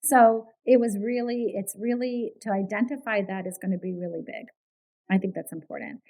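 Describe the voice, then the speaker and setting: A woman guest, a behaviour analyst, speaking in an earnest, casual interview style. Her voice sits at a middle pitch for a woman, and she often repeats words and checks in with "right?" as she explains. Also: normal speed, mellow, breathy edge, poor audio.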